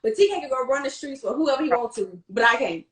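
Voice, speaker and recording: A young woman co-hosting a podcast and telling lively stories, acting out the dialogue as she goes. Her voice is fairly high. She sits back from the mic in a roomy, echoing space. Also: fast talker, far from the mic. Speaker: podcast co-host. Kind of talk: casual chat. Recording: echoey room, off mic.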